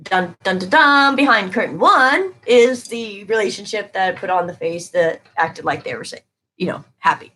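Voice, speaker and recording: A woman's voice: mid-range voice, animated, normal speed, bright, forceful tone, rough recording. A woman giving a live-stream tarot reading, talking casually and emphatically to her viewers and answering their comments as she goes.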